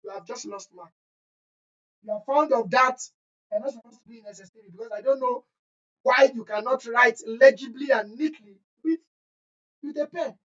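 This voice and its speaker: A female chemistry teacher with a somewhat high voice leads an exam-prep lesson over screen share, speaking at a moderate pace with long pauses; the highs are cut off. She's emphatic and scolding, repeating key points.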